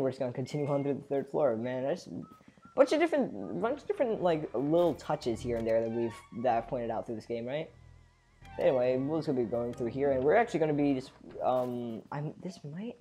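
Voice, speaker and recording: Excitable female let's play host, rambling and chatty, very deep, lively pitch. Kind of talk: gameplay commentary.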